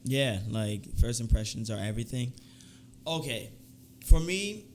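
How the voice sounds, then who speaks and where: A man's voice: on the low side, a little hiss or hum. A man co-hosting a casual podcast, talking in an easygoing, hesitant way full of fillers. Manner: easygoing, hesitant, lots of fillers like "you know" and "I guess". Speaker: podcast co-host.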